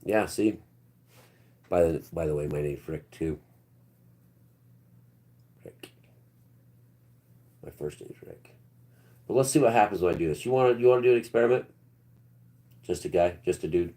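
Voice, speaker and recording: A man in his fifties with a very low voice talks loosely to his livestream chat. He wanders from point to point and often drops into quiet mutters. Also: moderate pace, long pauses. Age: 50s. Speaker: livestream host. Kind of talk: rambling live-stream chat with viewers.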